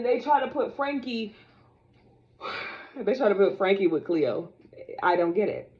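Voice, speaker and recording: This is a young woman vlogging to camera, talking straight to her viewers in an animated, sassy way. Her voice sits at a middle pitch and sounds casual and opinionated. The recording is a little dull and lo-fi. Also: measured pace, pauses often. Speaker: vlogger reviewing dolls.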